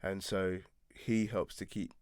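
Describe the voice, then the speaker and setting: A man chats in a relaxed, reflective way as the guest of an interview, laughing easily. His voice sits low, and the sound is dry and close. He is recording in a small attic studio. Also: unhurried, clear, resonant tone, dry recording. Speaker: radio presenter, guest. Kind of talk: casual interview chat.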